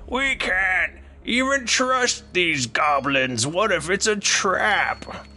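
A man voicing grumbling elderly male dwarves on a war council, pitched high and drawn out slowly. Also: animated, sharp tone, slight background noise, heavily acted. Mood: wary.

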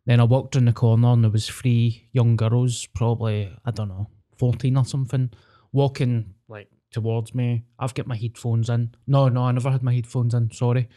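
A man's voice: medium pitch, level tone, normal speed, mellow. A young man with a Glaswegian accent, co-hosting a casual podcast and telling sweary anecdotes. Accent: Scottish, Glaswegian. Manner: sweary, storytelling, acts out voices. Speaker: podcast co-host. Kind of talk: casual chat.

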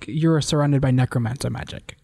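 A man's voice: mid-range voice, brisk, creaky, darkish tone. A man playing in a tabletop game, reasoning aloud with some hesitation. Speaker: player. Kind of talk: casual tabletop game chat.

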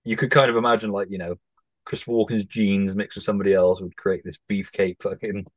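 A man's voice: fairly low pitch, level tone, fast, no echo. A man hosting a podcast, chatting casually about a film, laid-back and given to swearing. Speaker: podcast host.

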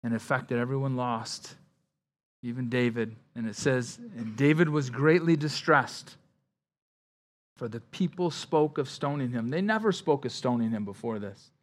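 At a normal speed, a male pastor preaches a conversational Bible-study sermon, often saying "like" and "right?" and repeating words. Somber moments bring his voice down low and quiet, while emphasis makes it rise louder.

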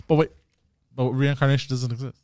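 A man's voice: mid-range voice, flat delivery, fairly quick, a little mellow, no room sound, clean studio sound. A man on a casual comedy podcast, defending himself and laughing off his friends' ribbing.

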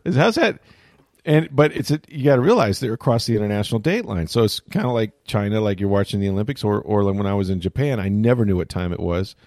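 Low-voiced rambling sports talk host. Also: male voice, expressive, quick pace, darkish tone, no room sound, studio quality. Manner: rambling, self-interrupting storyteller. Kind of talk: casual chat.

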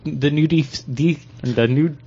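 A man co-hosting a podcast in casual chat, rambling and halting with lots of fillers and restarts. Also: fairly high pitch, mellow, slightly rough, lo-fi sound. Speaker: podcast co-host.

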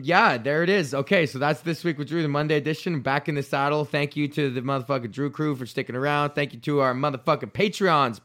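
A man's voice: medium pitch, fairly bright tone, clean tone. Rambling, swearing male podcast host. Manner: rambling, profane, loose and self-correcting. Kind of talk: casual solo podcast rant.

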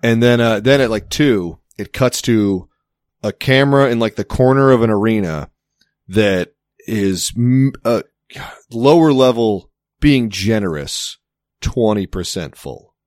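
A man's voice: on the low side, expressive, a little slow, darkish tone, no room sound, clean studio sound. A man in casual chat, telling a rambling story with plenty of swearing and laughter.

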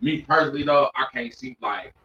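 Fast-talking joking man in his thirties. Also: a little high, big pitch swings, gravelly, pushed and bright, slight background noise. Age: 30s. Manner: rapid joking slang-heavy banter. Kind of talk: casual chat. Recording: roomy, distant, dull lo-fi mic.

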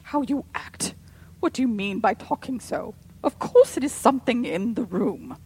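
A woman playing a stern, sharp-tongued woman. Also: fairly high pitch, huge pitch swings, unhurried, husky, pitched above the performer's own voice, exaggerated voice. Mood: furious. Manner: clipped and forceful.

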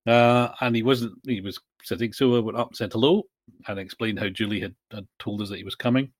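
A man's voice: lowish voice, a little fast, dry recording. A man co-hosting a podcast, chatting in a rambling way and searching for words. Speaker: podcast co-host. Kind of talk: casual chat.

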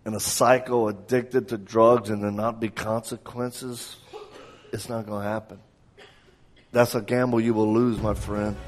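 A man preaching a live sermon, telling a story animatedly, acting out the people he quotes and laughing along. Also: fairly low pitch.

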